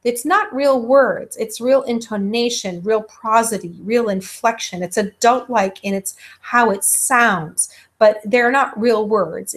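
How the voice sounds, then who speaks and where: A woman giving a recorded lecture, with many ums, who stops to act out baby sounds herself. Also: medium pitch.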